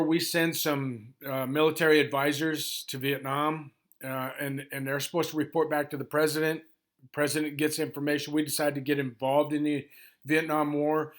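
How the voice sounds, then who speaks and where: A gravelly-voiced man in his sixties giving an informal history overview, rushing through it with many ums and restarts. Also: fairly high pitch, a bit bright. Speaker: history presenter.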